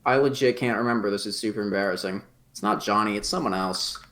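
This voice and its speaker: A man's voice: on the low side, fast, fairly bright tone. Man, podcast guest, casual chat, offhand, swears, laughs at himself. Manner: offhand, swearing, self-deprecating. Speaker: podcast guest, game modder.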